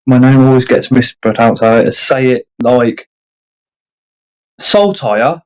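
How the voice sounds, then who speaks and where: A man's voice: medium pitch, flat delivery, a little slow, clear, resonant tone, rough recording. A man hosting a casual livestream chat, self-deprecating and reading out viewer comments. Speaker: livestream host. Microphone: streaming setup.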